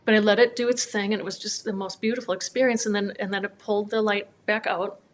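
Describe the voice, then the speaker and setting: A woman in her thirties from northern Minnesota recounts a personal story as an interview guest. She brings each quoted voice to life with animated delivery. Her tone is earnest and heartfelt throughout. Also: medium pitch, fast talker. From northern Minnesota, USA. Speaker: guest, chiropractor.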